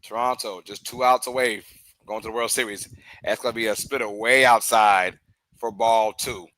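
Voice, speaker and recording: A man hosting a live baseball watch-along, giving casual play-by-play commentary that is chatty and excitable, with loud outbursts and laughter. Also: moderate pace, poor audio. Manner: chatty, drifts into side talk between pitches. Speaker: host of a live game watch-along stream.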